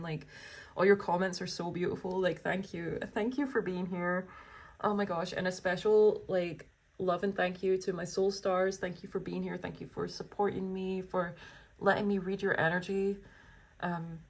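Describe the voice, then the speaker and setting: A woman giving a tarot reading, reading card texts aloud and chatting to viewers in a gushing, exclamatory way. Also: fairly low pitch. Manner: gushing and exclamatory, full of wows and oh my goshes.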